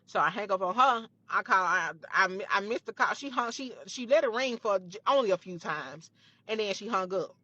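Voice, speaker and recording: A young woman recounts a story from her own life in a bright, forceful voice. She talks emphatically, swears freely and circles back over the same phrases. The recording is dry and a little dull. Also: mid-range voice, expressive, normal speed, no room sound. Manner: emphatic, profane, repeats phrases. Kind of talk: storytime retelling.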